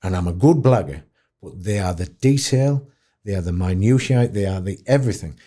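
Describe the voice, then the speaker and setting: A Yorkshire man with a mellow voice, a podcast guest and dementia advocate, tells stories animatedly in conversation at a normal pace. He is expressive and self-mocking, his voice swooping high whenever he quotes someone.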